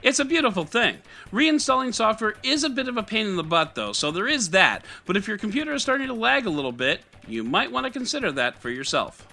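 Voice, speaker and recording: A man hosts a tech news podcast in a wry, sarcastic tone, his read full of animation. His voice sits fairly high and sounds very bright, with big swings in pitch. Faint music plays underneath. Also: big pitch swings, a little fast, gravelly, hardly any pauses. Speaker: podcast host.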